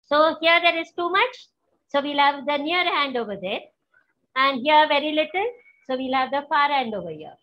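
A woman leading a guided healing practice, gentle and instructive, often checking that her listeners follow. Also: high voice, expressive, normal speed. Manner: gentle, instructive, asks for confirmation. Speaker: spiritual teacher. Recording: dull, lo-fi.

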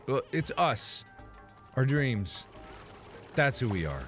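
A man giving theatrical let's play commentary, swinging between muttering to himself and loud, melodramatic outbursts. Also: mid-range voice, very animated, slow, long pauses, faint music behind. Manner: playful, melodramatic self-talk. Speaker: gameplay commentator.

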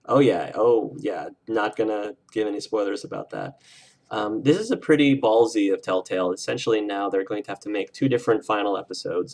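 A man hosting a game livestream, chatting casually with viewers in an effusive, emotional way. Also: lowish voice. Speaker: let's play streamer.

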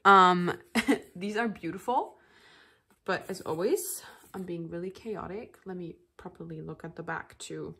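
A woman chatting casually to camera while unboxing, gushing and excitable, breaking into gasps and laughs. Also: lowish voice, takes it slowly, slight background noise. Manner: chatty and rambling, with fillers and restarts. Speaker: vlogger.

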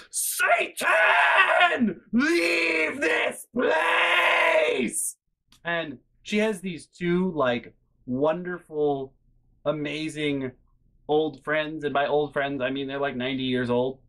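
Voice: medium pitch, normal speed. A vlogger tells a casual story at home in a mid-range voice. They ramble, lean on fillers, swear freely, and sound incredulous throughout. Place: bedroom at home.

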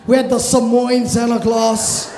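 A man doing stand-up comedy on stage, animated and shouting his punchlines. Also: extremely high pitch, unhurried. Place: hotel showroom stage. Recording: echoey hall, live noise.

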